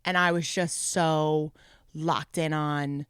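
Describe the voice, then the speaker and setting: Young new woman, low smooth voice, chatty and laughy, dry close mic. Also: no room sound. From New York. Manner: animated, laughs often, quick asides. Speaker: musician guest. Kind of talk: casual podcast chat.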